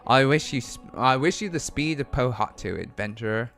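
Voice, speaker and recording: A man's voice: mid-range voice, moderate pace, a bit bright, faint music behind, natural voice. A man voicing a courteous elderly male village elder in a put-on Australian accent that leans New Zealand. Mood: formal. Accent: put-on Australian, closer to New Zealand. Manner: stately, welcoming read-aloud dialogue.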